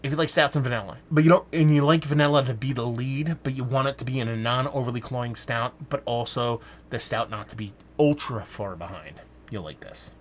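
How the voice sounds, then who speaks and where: A man's voice: medium pitch, a little fast. A man talking casually into a standalone mic, reviewing a beer in a rambling way, stopping and restarting his sentences and swearing now and then.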